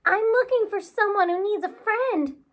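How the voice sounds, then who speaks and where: A woman voicing a lonely little boy beaver who wails high and calls out eagerly. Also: expressive, moderate pace, fairly bright tone.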